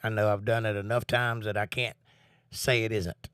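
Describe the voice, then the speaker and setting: A man's voice: lowish voice, moderate pace, clean tone, no echo, studio quality. A man hosting a casual livestream from home, talking earnestly about faith and reading out viewers' comments. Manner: relaxed, earnest, talks about faith and reads chat comments. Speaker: livestream host.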